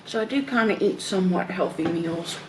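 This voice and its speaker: A woman chatting casually while eating on camera, rambling slowly with many fillers. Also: lowish voice, background noise. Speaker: mukbang vlogger.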